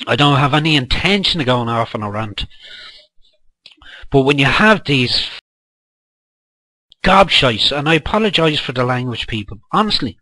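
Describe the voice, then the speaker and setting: Irish guy, middle-aged, swearing and scolding in an angry rant, sharp punchy voice, dry close sound. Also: medium pitch, expressive, normal speed, pauses often, no room sound, low-quality recording. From Ireland. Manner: heated, profane, scolding. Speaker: political vlogger.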